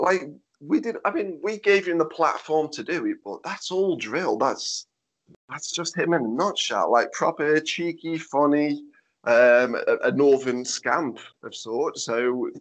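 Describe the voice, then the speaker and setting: A man chatting as a podcast guest. He talks in a laid-back way, leaning on fillers. His voice comes through a Skype call. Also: mid-range voice. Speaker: wrestler guest. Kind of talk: casual podcast chat.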